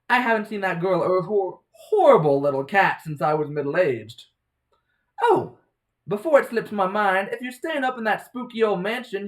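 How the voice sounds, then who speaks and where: An upbeat, chatty young woman from a small mountain town, as a man puts her on. She talks in a raised, friendly voice with lively rises and falls. She sounds eager to make a newcomer feel welcome. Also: rough recording. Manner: bright, chatty, higher-pitched.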